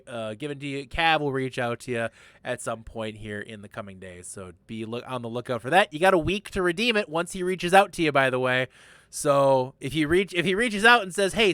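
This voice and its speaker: A man hosting a relaxed livestream podcast, his voice smooth and resonant and recorded close and dry. He rambles through announcements in an upbeat way, dropping jokey asides as he goes. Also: fairly high pitch, dry recording. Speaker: podcast host. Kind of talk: casual livestream podcast chat.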